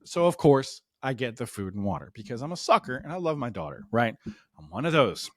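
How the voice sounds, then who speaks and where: A man telling a comic story about his own life, acting out the voices of the people in it with big jumps in pitch. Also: big pitch swings, a little fast, fairly bright tone, no echo, clean studio sound. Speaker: stand-up comedian. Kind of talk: comedic storytelling.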